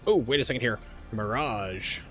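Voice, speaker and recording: A man in his forties rambles through a story while he plays a game on stream, full of fillers and self-corrections. His voice sits at an ordinary middle pitch, and soft music plays behind him. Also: moderate pace. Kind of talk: casual chat while gaming.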